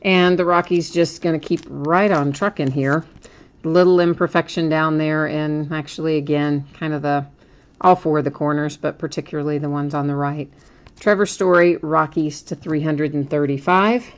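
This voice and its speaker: A woman's voice: low-pitched, steady tone, moderate pace, muffled recording. A woman hosting a card break, chatting casually as she names each card she pulls and laughs at her own slips.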